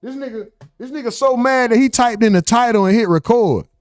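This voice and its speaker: A man with a fairly high voice riffs through casual reaction commentary, animated and mocking. The sound is close and dry, with no room around it. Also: fairly quick, no echo. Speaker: host.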